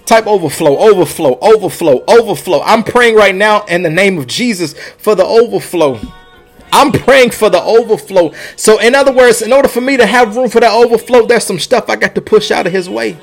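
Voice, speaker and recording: Impassioned high-voiced preacher. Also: male voice, fairly quick, faint music behind. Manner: impassioned, rising and falling, repeating lines. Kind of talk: sermon.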